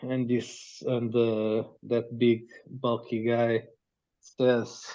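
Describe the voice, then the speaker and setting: Guy gm narrating slow and halting over a dull lo-fi call. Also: mid-range voice, flat delivery, mellow. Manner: halting, many restarts and fillers. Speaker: game master.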